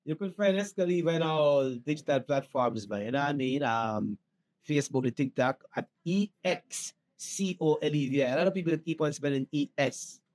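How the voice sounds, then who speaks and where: Man, Jamaican accent, slightly high voice, laid-back, casual interview guest. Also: moderate pace, a little mellow, a little hiss or hum. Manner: laid-back, peppers talk with "you know what I mean". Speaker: reggae musician guest.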